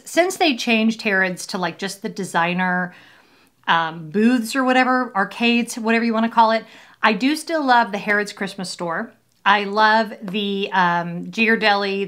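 A woman's voice: mid-range voice, a bit bright. A woman hosting a casual unboxing video, talking in a cheerful, rambling way and joking about herself. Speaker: vlogger host.

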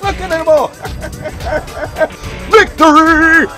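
An older gamer with a strikingly high voice narrates his match in a stream of boastful, profane trash talk. He cackles and taunts his opponents by name. Music pounds and gunfire rattles behind him. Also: animated, a little slow. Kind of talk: gameplay trash-talk commentary.

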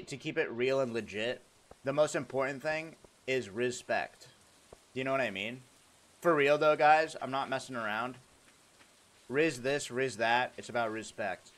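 A young man streaming a game, chatting casually with his viewers in a joking, animated way and laughing often. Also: fairly high pitch. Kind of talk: casual livestream chat, reacting to chat.

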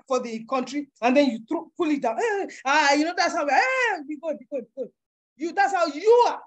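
A woman giving a motivational business workshop in a forceful, preacher-like way, acting out little voices. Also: high-pitched. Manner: emphatic, preacher-like, acts out voices with big swings.

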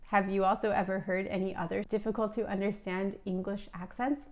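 A woman from Alabama teaching English, explaining clearly and steadily to viewers. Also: mid-range voice, little pitch movement, a little fast, a little mellow.

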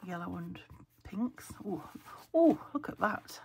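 This English craft vlogger has a medium-pitched, animated voice with vocal fry and a slightly mellow quality, speaking slowly as she casually chats and sorts craft papers. Thinking aloud, she repeatedly lowers to a whisper to spare her weak throat. Recorded in her home craft room with poor audio, slight background noise, and paper crinkling and clicks.

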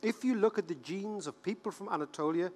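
Irish male keynote speaker, 50s, higher-pitched and joking, in a reverberant hall. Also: brisk. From Ireland. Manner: animated, joking storyteller who repeats words for effect. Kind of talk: conference keynote speech.

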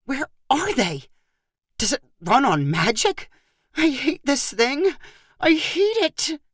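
A woman's voice: sits high, big pitch swings, moderate pace, fairly bright tone, no echo, studio quality, pitched above the performer's own voice. A woman voicing a frazzled, exasperated young aunt at her wits' end, with pleading, exclamatory outbursts. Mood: frustrated.

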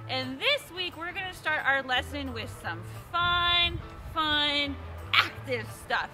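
Bubbly high-pitched woman leading kids. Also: sing-song, slow, music in the background. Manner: bubbly, upbeat, calls out to children. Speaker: children's ministry leader. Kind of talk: kids' church lesson and action song.

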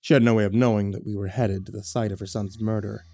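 A man reading a horror story as narrator, measured and low-key, on a close studio mic. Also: fairly even intonation, dark tone, no echo.

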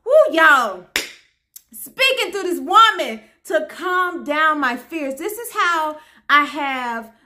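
A high-voiced woman tells her own story. Her tone is bright and lively, and she calls her listeners "y'all" and "honey". She goes quiet and soft whenever she quotes someone. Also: takes it slowly, a little hiss or hum. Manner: expressive, drops to a hush for quotes, peppered with "y'all" and "honey". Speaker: vlogger telling a personal story. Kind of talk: animated storytelling.

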